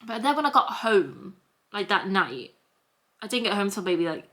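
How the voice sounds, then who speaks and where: A woman's voice: medium pitch, big pitch swings, moderate pace, a bit bright. A young woman with a Scouse accent, telling a story at home in a rambling, repetitive vlog chat. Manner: rambling and repetitive, piling up restarts. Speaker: vlogger. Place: at home, sitting in a hoodie.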